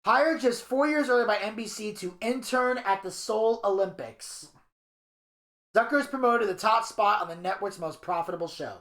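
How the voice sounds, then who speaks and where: A man co-hosting a podcast, reading a narration aloud and retelling scenes in a crude, animated way. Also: sits high, moderate pace. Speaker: podcast co-host. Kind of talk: casual podcast chat, reading a documentary narration. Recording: echoey room.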